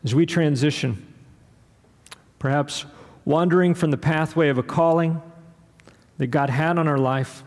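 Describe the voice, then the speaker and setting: A man preaching a sermon, rhythmic and building to loud, emphatic peaks. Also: on the high side, measured pace, pauses often. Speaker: pastor. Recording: long hall reverb.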